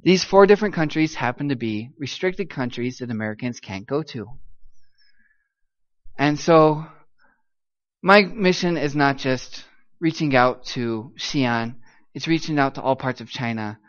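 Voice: medium pitch, a bit bright, lo-fi sound. A missionary giving an upbeat church talk to a live audience, teasing them kindly and singing out syllables to demonstrate the tones.

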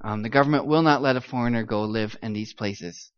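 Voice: mid-range voice, fairly quick, smooth, dull audio. A missionary giving an upbeat church talk to a live audience, teasing them kindly and singing out syllables to demonstrate the tones.

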